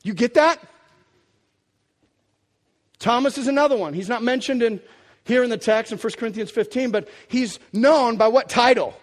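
A middle-aged man preaching a sermon as pastor, animated and acting out quotes of Bible figures in a casual way. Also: very high voice, moderate pace, long pauses, big-room sound.

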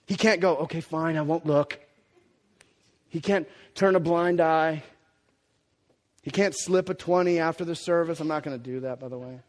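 A male pastor delivering a sermon with a high-pitched voice. He talks casually and with passion, dropping to a near hush and then surging loud again. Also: fairly even intonation, moderate pace. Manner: impassioned and conversational, swinging between hushed and loud.

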